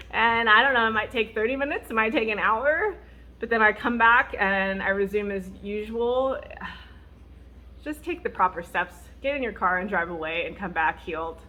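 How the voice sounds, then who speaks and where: A woman speaks as a Christian mom vlogger, offering candid advice rooted in her faith. She talks in a chatty, expressive way and laughs easily. She brings the stories to life by acting out what other people said. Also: mid-range voice, moderate pace. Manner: laughs often.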